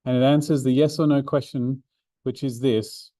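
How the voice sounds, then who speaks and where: A man's voice: medium pitch, steady tone, normal speed, mellow, dry recording. A man, a maths learning centre coordinator, explains a revision seminar step by step with fillers and restarts. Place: room, drawing notes for an overhead camera.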